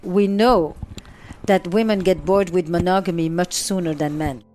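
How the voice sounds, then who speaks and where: A woman's voice: lowish voice, steady tone, moderate pace, a little mellow. Woman therapist talking relationships, leans hard on words, repeats stuff for punch, bit of music under it. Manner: emphatic, repeats and lists words for stress. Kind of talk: interview answers.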